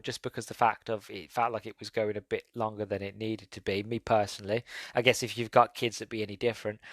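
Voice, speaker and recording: A man's voice: medium pitch, a bit bright, no room sound. A man hosting a podcast, giving a casual movie review in a rambling way, with frequent restarts and fillers. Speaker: podcast host. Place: home.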